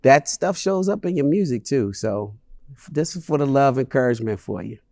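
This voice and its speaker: A man's voice: mid-range voice, expressive, fairly quick, dark tone, no room sound, studio quality. A man hosting an interview, affirming and encouraging his guest and agreeing often as the guest talks. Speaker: host. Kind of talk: conversational interview.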